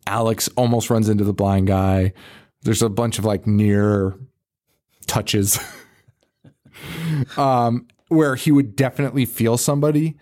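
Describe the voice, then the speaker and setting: A man's voice: lowish voice, a little slow, pauses often, a little mellow. A man co-hosting a podcast in casual chat, rambling through a story with lots of swearing and frequent laughter. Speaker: podcast co-host.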